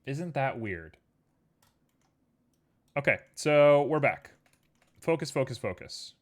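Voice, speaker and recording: Man, streamer, casual chat, playful, rambling asides, middle pitch. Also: animated, slow pace. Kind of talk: casual chat while working.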